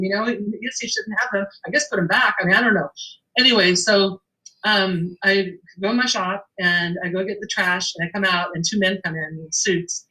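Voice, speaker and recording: Bright, animated woman telling a story. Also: lowish voice, fairly quick, poor audio. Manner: animated storyteller, acts out the dialogue, laughs often. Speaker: shop owner telling a story. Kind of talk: casual anecdote in an interview.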